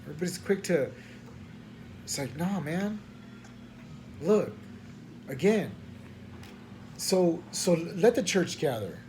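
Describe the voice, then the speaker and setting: High-voiced man venting late at night. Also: lively intonation, slow, long pauses, darkish tone, slight background noise. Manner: frustrated, stammering restarts, slangy. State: tired at night. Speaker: preacher. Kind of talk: late-night rambling vent.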